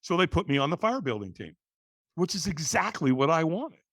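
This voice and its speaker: A middle-aged man, a guest on a conversational show, telling his story in a lively, animated way, full of "you know" and "right". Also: a little high, brisk, dry recording, studio quality.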